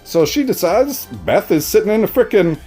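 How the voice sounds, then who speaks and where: A man's voice: high-pitched, expressive, normal speed, warm tone, slightly rough, faint music behind. A man recapping a TV episode in a casual, profane, exasperated way. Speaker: TV reaction reviewer.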